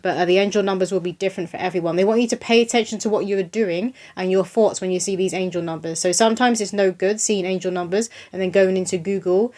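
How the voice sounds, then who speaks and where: A woman's voice: medium pitch, steady tone, fast talker, few pauses, a little mellow. A young woman giving a casual channeled spiritual reading to camera, earnest and reassuring, often repeating her points.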